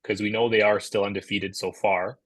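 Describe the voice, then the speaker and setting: A man appearing as a podcast guest, talking casually and quickly with many fillers like "you know". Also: lowish voice, flat delivery, a bit bright, no room sound, low-quality recording. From Canada.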